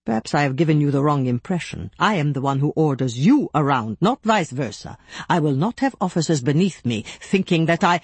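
A woman's voice: sits low, lively intonation, fairly quick, husky, dry recording. A woman voicing a stern, commanding male officer. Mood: cold. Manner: clipped, cold orders. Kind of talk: audiobook reading.

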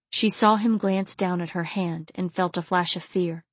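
A woman narrating an erotic romance novel in a soft, low, intimate reading. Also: fairly even intonation, moderate pace, few pauses, husky, dry recording. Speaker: audiobook narrator.

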